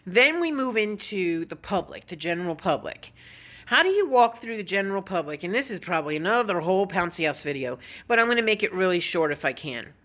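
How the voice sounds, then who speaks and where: A woman's voice: fairly low pitch, big pitch swings, a little fast, fairly bright tone. A woman vlogging casually, telling a story in a blunt, opinionated way and swearing now and then. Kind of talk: casual vlog monologue.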